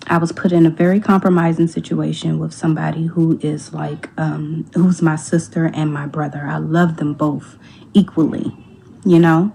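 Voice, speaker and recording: A woman's voice: low-pitched, flat delivery, unhurried, vocal fry, dark tone, a little hiss or hum, low-quality recording. A woman telling a personal story in casual talk, speaking candidly, quoting others and swearing freely, often dropping almost to a whisper. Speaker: storyteller in a clip.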